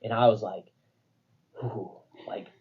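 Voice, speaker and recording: A young man with a husky voice, chatting as a podcast co-host. He tells stories in a loose, rambling way, full of fillers. The recording sounds a little dull and lo-fi. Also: fairly low pitch, steady tone, slow pace. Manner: rambling, filler-heavy storytelling. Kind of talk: casual chat.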